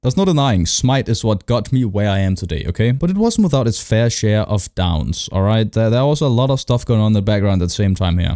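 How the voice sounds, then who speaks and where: A man's voice: mid-range voice, expressive, fairly quick, few pauses, dark tone, dry recording. A man in his late twenties, a gaming YouTuber, rambling and joking with casual profanity as he looks back on his channel. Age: late 20s. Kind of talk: casual retrospective vlog.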